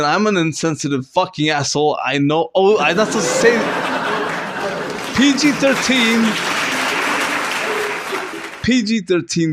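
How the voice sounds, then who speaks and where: Man, higher-pitched voice, rambling, self-mocking, improvised comedy monologue. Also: heavy background noise. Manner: rambling, self-mocking, with sudden squeaky fake sobbing. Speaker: comedy vlogger. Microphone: close to camera.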